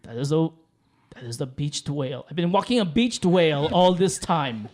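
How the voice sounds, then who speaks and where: A man's voice: fairly high pitch, lively intonation, moderate pace, a little mellow, lightly acted. A man voicing a blind man giddy with wonder over lemonade, in melodramatic, rambling exclamations, in an improvised tabletop role-play. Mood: awestruck.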